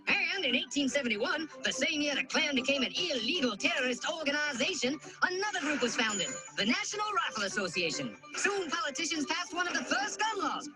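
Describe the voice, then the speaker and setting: A high, bouncy, sarcastic cartoon narrator, chirping to boys and girls as if reading a storybook. His pitch swoops all over, and he keeps breaking into shouts. Loud music plays under the voice the whole time. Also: low-quality recording. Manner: mock-cheerful storybook delivery, often shouting. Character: chipper, sarcastic male cartoon narrator addressing kids.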